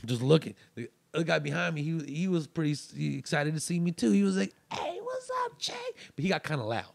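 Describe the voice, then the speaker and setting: A man's voice: on the high side, expressive, fast talker, vocal fry, no room sound. A male comedian guest on a podcast telling a story in a loose, rambling way with many restarts. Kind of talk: casual storytelling.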